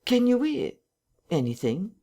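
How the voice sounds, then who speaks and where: A man reading an audiobook, voicing a curious, excitable village man. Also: high voice, measured pace, gravelly, voice pushed up, full character voice. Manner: hushed, wondering.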